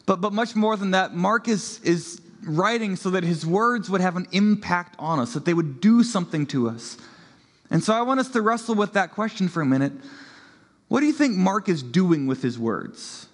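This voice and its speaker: A man in his thirties preaching in a relaxed, joking manner, often laughing between lines. His voice sits high for a man and rings through a long church reverb. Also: normal speed. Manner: playful, laughing, conversational storytelling. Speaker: pastor. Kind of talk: sermon.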